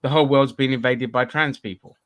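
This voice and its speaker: A man's voice: medium pitch, steady tone, fairly quick, smooth. A man hosting a casual podcast chat, loose and sweary, with lots of restarts and fillers. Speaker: podcast host.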